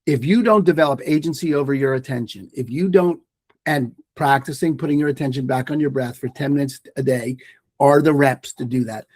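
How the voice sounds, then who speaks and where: A man's voice: mid-range voice, fairly quick, a little mellow, dry recording. A man speaking as a guest on a podcast interview, an emphatic mindfulness teacher who makes his points through stories. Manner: emphatic, storytelling, repeats phrases for effect.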